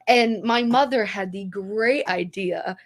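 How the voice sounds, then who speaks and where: She's a young woman co-hosting a laid-back podcast, winding through a lengthy story with plenty of fillers and restarts. Her voice is medium in pitch and her pace is slow.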